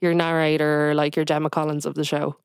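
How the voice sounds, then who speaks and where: A woman's voice: low-pitched, level tone, brisk, clean tone, no room sound, studio quality. A woman, a guest chatting casually on a podcast and rambling with lots of fillers. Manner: rambling, heavy on "like" and "um".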